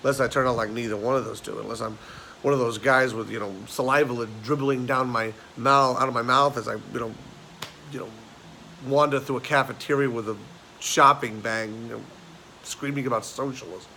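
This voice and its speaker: A man's voice: mid-range voice, fairly even intonation, fairly quick, gravelly, sharp tone, slight background noise, poor audio. An actor performing a film monologue as a neurotic, self-mocking man just turned forty, who rambles and stammers through repeated words. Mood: rueful.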